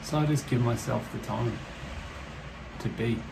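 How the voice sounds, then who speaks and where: A man hosting a reflective solo podcast, talking slowly and thoughtfully, swearing casually, indoors with heavy rain outside. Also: mid-range voice, creaky, background noise. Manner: slow, musing, swears casually. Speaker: podcast host. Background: rain ambience.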